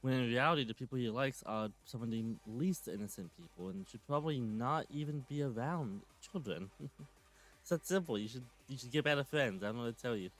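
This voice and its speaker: A man's voice: mid-range voice, expressive, brisk, soft background music. A man in his twenties giving a sarcastic, swearing rant while commenting on clips. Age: 20s. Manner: sarcastic, ranting, swears often. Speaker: commentary channel host.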